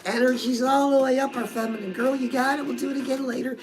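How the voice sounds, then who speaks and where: A woman's voice: sits high, fairly even intonation, quick pace, music in the background, poor audio. A woman hosting a comedic live self-help show, chatty and sassy, who keeps calling her listener "girl".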